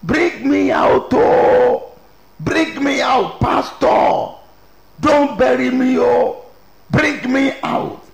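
A distraught woman wailing and pleading at a graveside, as a gravelly-voiced male preacher puts her on. The voice is pushed well up in pitch, and it rings in an echoey space. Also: drawn-out words, full character voice. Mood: screaming.

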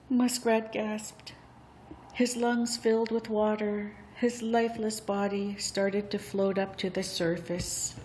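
A woman narrates a traditional tale at an unhurried pace, drawing out each moment. Her delivery is deliberate and expressive. Faint noise hums in the background. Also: medium pitch. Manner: slow, deliberate, expressive storytelling. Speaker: storyteller. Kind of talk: storybook narration.

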